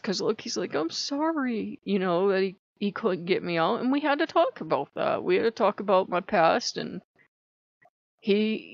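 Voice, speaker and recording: A woman hosting her own channel, telling a personal story in a casual, animated way as she vents. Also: fairly low pitch, no echo. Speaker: channel host. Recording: dull, lo-fi dry recording.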